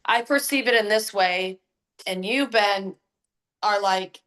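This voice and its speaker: Casting: woman guest, casual podcast chat, lively and filler-heavy, middle pitch. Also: takes it slowly. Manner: animated, many fillers, acts out quoted voices. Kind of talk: casual conversation.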